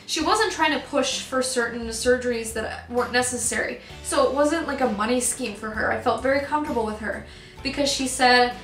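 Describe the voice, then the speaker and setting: A woman's voice: on the high side, normal speed, a bit bright, echoey room, soft background music. A young woman telling a personal story in a vlog, rambling with many ums and getting choked up as she talks. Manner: emotional, gets choked up. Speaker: vlogger.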